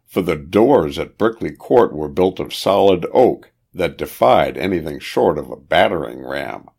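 A man reading a period detective novel aloud, measured and steady, lifting his voice for the characters' dialogue. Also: a bass voice, creaky, husky. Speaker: audiobook narrator.

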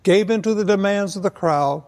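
A man preaching an evangelistic sermon, earnest and measured, slowing down to stress key words. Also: high-pitched, a little mellow, in a large hall. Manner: earnest, measured, slows for emphasis.

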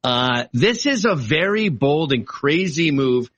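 A man arguing his side in a heated political debate, animated and argumentative, swinging between casual asides and sudden exclamations. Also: fairly high pitch, slow, no room sound, highs cut off. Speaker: political guest.

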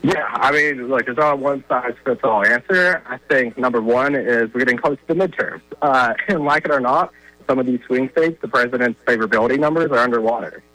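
A man talks politics in an easy, emphatic way, leaning on plenty of "uh"s as he makes his points. His voice is bright and forward, and the recording is dry and close, with no room sound. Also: mid-range voice, a little fast, no room sound, low-quality recording. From Virginia. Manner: conversational, filler-heavy, emphatic. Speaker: guest commentator on a phone-in line. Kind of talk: political commentary.

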